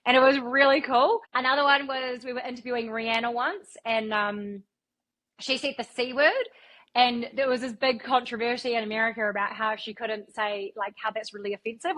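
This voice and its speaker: A woman's voice: a little high, steady tone, brisk, a bit bright. A woman, a radio broadcaster telling stories as a guest in a casual interview, swearing freely. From New Zealand. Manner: chatty storyteller, swears freely.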